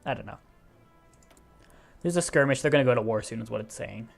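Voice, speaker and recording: Gravelly young man narrating a strategy game. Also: medium pitch, a little fast, soft background music. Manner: thinking aloud, explaining as he clicks, self-correcting. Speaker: gaming video host. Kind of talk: casual strategy game commentary.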